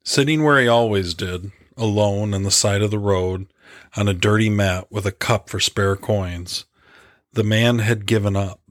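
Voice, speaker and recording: A man narrating a devotional story in an earnest, reflective, measured way. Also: on the low side, dry recording, clean studio sound. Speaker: preacher.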